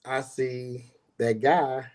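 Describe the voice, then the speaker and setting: A man's voice: medium pitch, little pitch movement, drawn-out words, a little mellow. A man telling a personal story in casual talk, rambling and repeating words, acting out the people he quotes. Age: adult with grown son.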